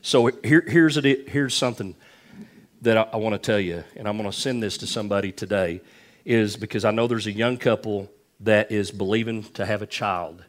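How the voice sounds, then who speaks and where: Folksy pastor, lowish voice. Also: male voice, moderate pace. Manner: folksy storytelling with repetition. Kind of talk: sermon.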